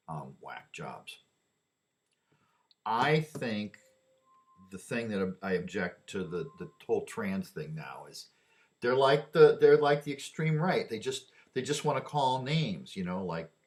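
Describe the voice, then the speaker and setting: A man delivering a rambling opinion monologue, often repeating and restarting his words. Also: on the low side.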